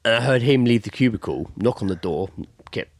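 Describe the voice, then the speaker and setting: A man's voice: medium pitch, lively intonation, a little fast, dry recording. A young man, co-hosting a casual podcast chat, swearing freely and acting out voices in his stories. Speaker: podcast co-host.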